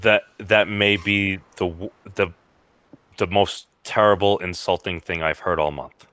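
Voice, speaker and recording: A man's voice: sits low, steady tone, a little slow, sharp tone, no echo. A man hosting a livestream in casual banter, rambling with many stammering restarts.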